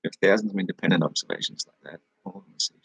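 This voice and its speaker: Gravelly Australian man rambling on a live stream. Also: low-pitched, very fast, no echo, poor audio. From New South Wales, Australia. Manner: rambling, swears freely, laughs at his own remarks. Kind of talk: casual live chat with viewers. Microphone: webcam.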